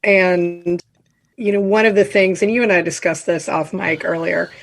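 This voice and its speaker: A woman co-hosting a podcast, speaking in a reflective, measured and casual way. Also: on the low side, fairly even intonation, vocal fry. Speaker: podcast co-host. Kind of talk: casual conversation.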